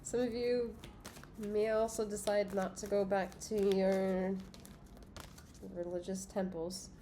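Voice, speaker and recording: A woman's voice: mid-range voice, level tone, slow, warm tone, a little hiss or hum. A congested woman giving a casual, profane tarot reading to her viewers, giggling between cards. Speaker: tarot reader.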